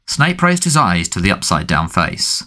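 A man narrating an audiobook in an expressive storytelling manner. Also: low-pitched, moderate pace. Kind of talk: scripted narration.

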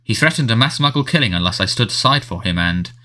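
A man voicing a harried middle-aged male wizard minister who sounds defensive and fretful, talking quickly and pleadingly. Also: medium pitch, animated, pushed and bright.

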